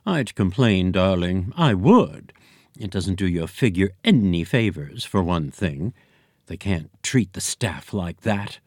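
A man's voice: sits low, lively intonation, slow pace, a little mellow, dry recording, clean studio sound, exaggerated voice. A man voicing a grand female elephant who talks in a fluty, drawling society lady's voice. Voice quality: fluty, cooing.

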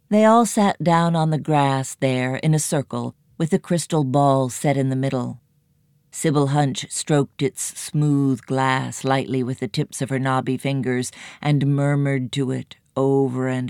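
A woman narrating a children's story in a measured, expressive reading. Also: extremely low pitch, clear, resonant tone, dry recording, studio quality.

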